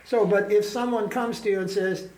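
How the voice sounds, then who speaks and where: A man's voice: high voice, steady tone, moderate pace, darkish tone. A man giving an informal spiritual class, joking, laughing often and imitating how people chant. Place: ashram class room. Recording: echoey room with faint background ambience.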